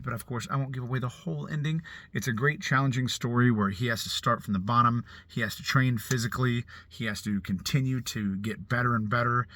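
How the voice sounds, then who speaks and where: A man's voice: mid-range voice, pushed and bright, no room sound. A middle-aged man giving a chatty, rambling movie review, correcting himself as he goes. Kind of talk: casual movie review vlog. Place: outside a movie theater.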